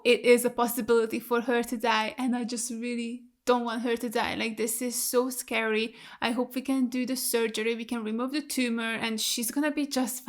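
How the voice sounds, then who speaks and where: A young woman with a high, bright-sounding pitch chats casually as the host of a reaction video. She sounds openly emotional and fretful, speaks frankly and swears freely as she talks things through. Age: young adult.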